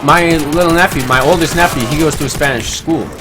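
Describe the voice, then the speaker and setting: A man's voice: a little high, fairly quick, noisy background. A man streaming a game live, chatting casually, reading viewer comments aloud and laughing easily. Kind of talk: casual live-stream chat while gaming.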